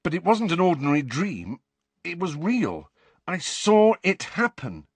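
A man's voice: a little high, sing-song, measured pace, slightly rough, dry recording, pitched above the performer's own voice, full character voice. A man voicing a frightened, impatient teenage boy wizard who speaks urgently and emphatically.

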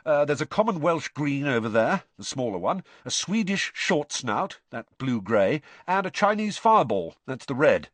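A man voicing a blunt, practical young dragon keeper who talks in a brisk, matter-of-fact and grim way, in a storybook reading. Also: medium pitch, very animated, fairly bright tone, dry recording, voice pushed up.

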